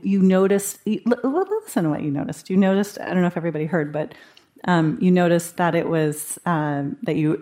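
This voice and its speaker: A woman with a fairly low voice teaches meditation to a retreat group in a meditation hall. She talks in a loose, conversational way and slips into animated quoted asides to show inner thoughts. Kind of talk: guiding a live retreat group.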